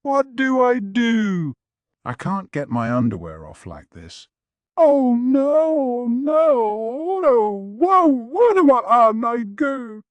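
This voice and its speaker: A man voicing a proud young woman knight who is panicking and close to tears, pleading in a high, strained voice. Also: big pitch swings, normal speed, few pauses, dry recording, close to an everyday voice. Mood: frantic pleading. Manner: frantic, pleading, near tears. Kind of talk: audiobook character voice.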